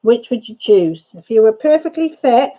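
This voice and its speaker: Animated and fairly high-pitched, this crafting channel host talks at a moderate pace on a recording with the highs cut off. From her home livestream she chats casually and rambles, often dropping a thought halfway through.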